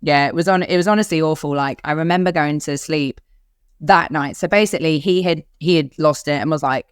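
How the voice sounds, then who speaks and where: A woman in her thirties with an Australian accent, telling a personal story on a podcast in candid, animated chat and acting out the voices of others. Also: deep voice, brisk, clear, resonant tone, no echo, clean studio sound. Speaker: podcast co-host.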